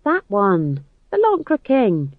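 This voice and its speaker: A man's voice: high-pitched, wildly swooping pitch, takes it slowly, no room sound, narrow, tinny audio, heavily acted. A man voicing a shrewd, money-minded young male actor in an audiobook reading. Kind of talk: audiobook narration.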